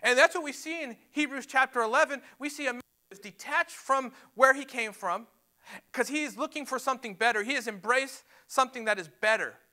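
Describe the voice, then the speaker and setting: A man's voice: very high-pitched, a little fast, bright, forceful tone. A man preaching a sermon to a church, emphatic and repeating words as he builds his points. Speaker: pastor. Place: church sanctuary.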